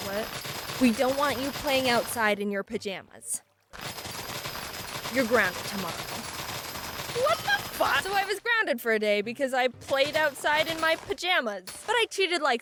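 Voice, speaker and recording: A woman telling funny childhood stories with deadpan, sarcastic asides. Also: a little high, noisy background. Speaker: storyteller. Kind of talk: storytime over gameplay video.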